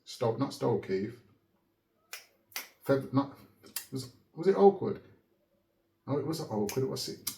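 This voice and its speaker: A man telling a story in a casual, animated way, laughing often and checking in with "yeah?". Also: medium pitch, takes it slowly, creaky, long pauses, slight background noise. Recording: roomy echo.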